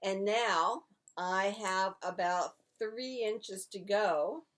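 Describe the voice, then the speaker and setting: A woman in casual conversation on a knitting podcast, walking through her projects step by step in a chatty, easygoing way. Her voice sits at an ordinary middle pitch. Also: very slow. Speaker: podcast co-host.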